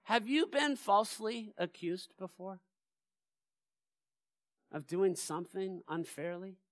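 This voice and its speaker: A male pastor preaching a sermon in a church, animated and asking his congregation rhetorical questions. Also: sits high, takes it slowly, no echo, studio quality. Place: church sanctuary.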